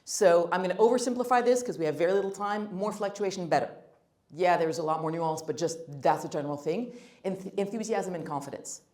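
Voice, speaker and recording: A woman's voice: fairly low pitch, fairly quick, darkish tone. Woman, workshop speaker, blunt and emphatic, jokey asides, roomy echo. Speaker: guest speaker on first impressions. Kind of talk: workshop talk with audience Q&A. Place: meeting room.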